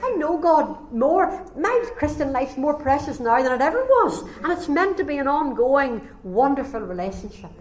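A woman preaching a sermon, telling a story with animated delivery and acting out the voices. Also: high voice, moderate pace, hardly any pauses. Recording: echoey room, faint ambience.

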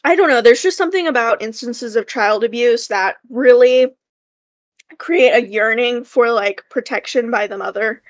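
A woman's voice: fairly high pitch, moderate pace, no room sound. A woman co-hosting a casual discussion podcast, retelling scenes expressively and acting out the lines she quotes. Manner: expressive storyteller, acts out quotes. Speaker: podcast co-host.

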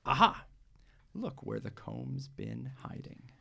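A man reading a storybook aloud, voicing a brisk, bossy mother who coaxes her daughter. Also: medium pitch, wildly swooping pitch, creaky, pushed and bright, husky, full character voice. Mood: coaxing. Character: a bossy mother braiding her girl's hair.

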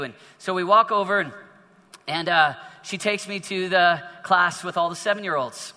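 A male preacher with a high, very bright voice tells a story in a sermon, circling back and repeating himself as he goes. His words ring out under a long hall reverb. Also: brisk. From northern United States. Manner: storytelling with frequent repetitions and restarts.

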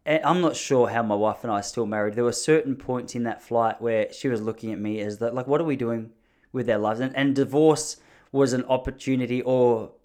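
A man's voice: medium pitch, fairly even intonation, fairly quick, a little mellow. Rambling man telling stories. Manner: rambling, joking, self-mocking. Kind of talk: casual storytelling monologue.

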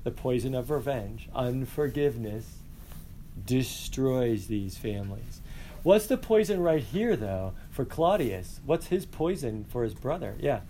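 A male teacher lecturing a class in an energetic, conversational way, asking the students questions. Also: medium pitch, a little slow, a little hiss or hum.

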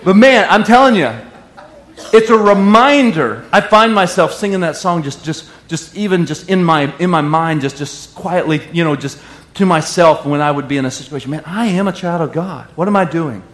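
Animated preaching man in an echoey room. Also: a little high, moderate pace. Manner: animated preaching with call-and-response and sung lines. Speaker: pastor. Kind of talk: sermon.

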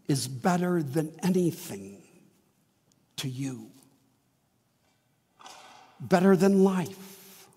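Male pastor, high-pitched, slow and emphatic sermon delivery, long hall reverb. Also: expressive, darkish tone, husky. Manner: earnest, emphatic preaching with slow dramatic pauses.

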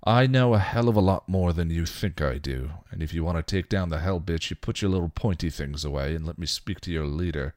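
A man's voice: low voice, fairly quick, hardly any pauses, darkish tone, no room sound, studio quality, lightly acted. A man voicing a brash, cocky male vampire, reading a fan story aloud. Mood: defiant. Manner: cocky, snarling.

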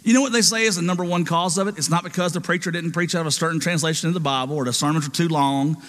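A man preaches to his congregation, pressing his points and asking them for an amen. His voice sits high and rings bright and forceful. The sanctuary gives it a long, hanging reverb. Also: steady tone, racing. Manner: emphatic, call-and-response with congregation. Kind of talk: sermon.

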